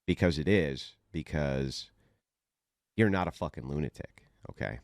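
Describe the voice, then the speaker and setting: A man's voice: very deep voice, a little slow, no echo, studio quality. A man hosting a livestream, reading posts aloud and mocking them in a profane, laughing way. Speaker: livestream host.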